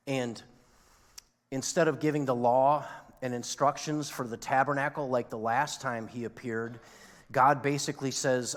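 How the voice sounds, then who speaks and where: A male pastor delivers a sermon in a conversational style and poses questions to his congregation. His voice sits at an ordinary middle pitch. A long reverb trails each phrase, as in a large church hall. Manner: conversational preaching with rhetorical questions. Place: church sanctuary.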